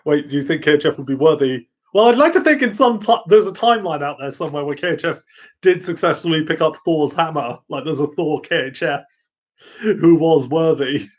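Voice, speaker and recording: A man with a fairly quick, somewhat high voice hosts a casual live chat, answering viewer questions. He rambles with lots of fillers and giggles often, and the audio is muffled and lo-fi.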